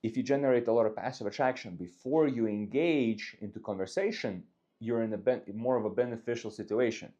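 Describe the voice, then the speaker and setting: A man's voice: mid-range voice, brisk, dark tone, highs cut off. A man giving casual dating advice, talking loosely through examples.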